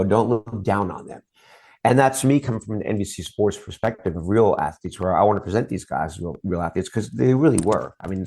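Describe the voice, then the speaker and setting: A man's voice: deep voice, vocal fry, darkish tone. A middle-aged man, a guest on an interview show, telling long stories about his work in TV promos in a casual chat style. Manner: long anecdotes, acts out quoted voices.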